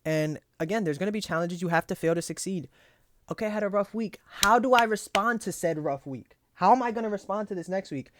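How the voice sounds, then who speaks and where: A man's voice: high-pitched, brisk, background noise. Profane, frustrated young guy reviewing trades. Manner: profane, frustrated self-talk, pep-talks himself. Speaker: trading journal host. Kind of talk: casual screen-share trade review.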